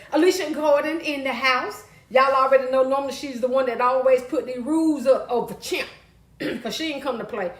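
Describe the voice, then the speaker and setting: Woman, high voice, chatty live-stream host, calls out to viewers, roomy echo. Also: fairly bright tone. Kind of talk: casual live-stream chat reading viewer comments.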